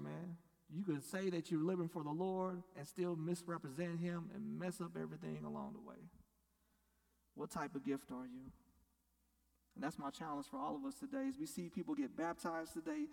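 Male pastor, sermon, chatty rhetorical style; slightly higher voice, distant mic in a big echoing room. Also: gravelly. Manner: conversational preaching with rhetorical questions and casual slang. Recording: echoey hall, voice from a distance.

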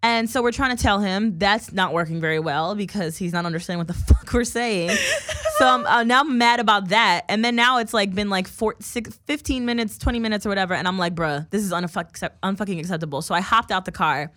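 A young woman rattles through a story at a quick clip, swearing freely as she gets worked up. Her middle-pitched voice is recorded dry and close, with no room sound. It sounds like casual podcast chat between friends. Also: a bit bright, no echo. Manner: profane, heated storytelling; fast-talking. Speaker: podcast co-host telling a story.

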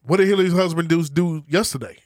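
A man in a casual political chat, quizzing and teasing the others, his voice rising when he gets excited. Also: on the high side, quick pace, dry recording, clean studio sound.

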